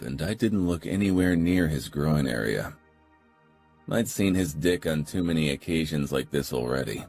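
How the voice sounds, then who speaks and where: Very deep husky male audiobook narrator. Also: a little mellow. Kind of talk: first-person audiobook narration.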